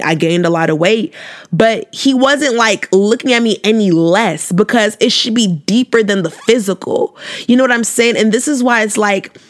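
A young woman giving casual faith-based advice to viewers in a vlog, preachy and affectionate, sassy and emphatic, often repeating phrases for emphasis. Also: mid-range voice. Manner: sassy and emphatic, asking rhetorical questions. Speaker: advice vlogger answering viewer questions.

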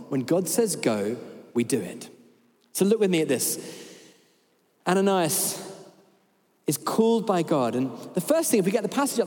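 A man preaching a sermon. He is animated and humorous and acts out bits of dialogue. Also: sits high. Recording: reverberant church hall.

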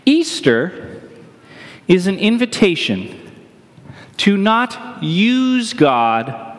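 A pastor preaching an Easter sermon in a conversational, joking way, often checking in with "right?". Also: male voice, high-pitched. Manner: conversational, self-deprecating humor, asks "right?" often. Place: church sanctuary. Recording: reverberant church hall.

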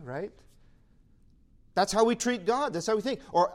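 Animated man preaching with lively pitch. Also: unhurried, pauses often. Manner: animated preaching, acting out imagined voices. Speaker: pastor. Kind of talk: sermon.

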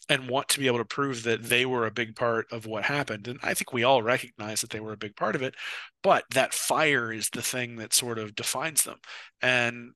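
A man co-hosting a football podcast in casual chat, long-winded and animated, often repeating words as he restarts. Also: medium pitch, no echo. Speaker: co-host of a college football podcast. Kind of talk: casual sports talk.

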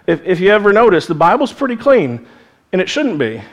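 A man with a notably high, light voice delivers a sermon in church. He preaches in an earnest, conversational way, moving between scripture and personal asides. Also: very animated, fairly quick, dull audio. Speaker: pastor.

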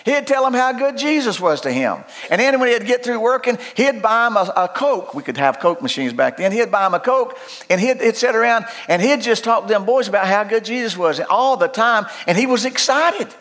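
An older man preaching a sermon in a loud, folksy, emphatic way, often restarting his phrases. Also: high-pitched, lively intonation, fairly quick. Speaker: pastor.

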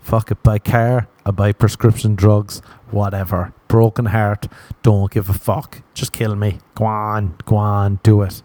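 A man voicing a bitter male pedestrian whose city dreams failed, grumbling flatly and defeated. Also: lowish voice, measured pace, dry recording, lightly acted.

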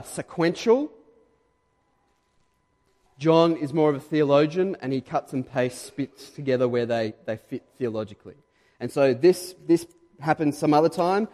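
A man with an Australian accent preaching a sermon in a conversational, emphatic way, pushing louder on key points. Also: on the high side, long reverb tail. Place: church hall.

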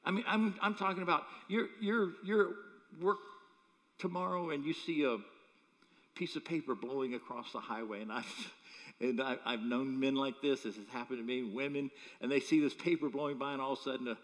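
A man preaching a sermon as pastor, telling humorous stories with chuckles. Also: mid-range voice. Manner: animated, humorous storytelling with chuckles. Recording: echoey hall.

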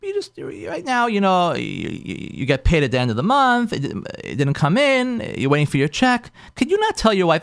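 Animated rabbi host with a lively voice. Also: male voice, high voice, moderate pace, creaky, few pauses, no echo. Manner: emphatic, repeats phrases, acts out what spouses say. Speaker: rabbi and show host giving marriage advice. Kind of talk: advice talk to listeners.

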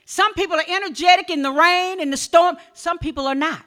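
A woman pastor delivers a sermon in a high, bright voice. She tells everyday stories softly, then rises to shouted exhortation. She sounds middle-aged and speaks with a preacher's call-and-response rhythm. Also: brisk. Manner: preaching with swings between soft storytelling and shouted exhortation.

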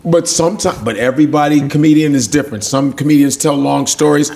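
A standup comedian, chatting casually on a podcast, animated and profane, acting out hecklers. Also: male voice, on the high side, fast, creaky. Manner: animated, profane, acts out hecklers in funny voices.

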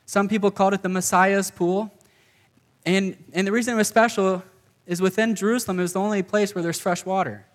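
A man's voice: sits high, fairly even intonation, brisk. A man giving a sermon to a live group in a casual, conversational way, often saying "okay" and "like" as he explains. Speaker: pastor.

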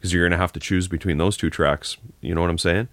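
A very low-pitched male podcast co-host who talks in a relaxed, filler-heavy way while arguing his point. His voice sounds close and dry, with almost no room echo. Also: fast. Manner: relaxed, argumentative, uses fillers. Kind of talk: casual chat.

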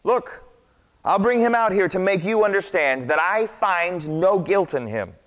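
A man's voice: high-pitched, lively intonation, unhurried, fairly bright tone, voice pushed up. A man voicing a stern, anxious Roman governor who raises his voice and presses with questions. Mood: demanding. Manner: demanding, raised voice. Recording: long hall reverb.

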